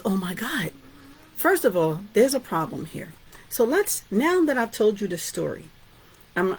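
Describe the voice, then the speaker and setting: A woman's voice: on the low side, a little mellow, slightly rough. A woman author and teacher giving an informal storytelling lesson, chatty and often asking "right?". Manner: chatty, asks "right?" and "guess what?".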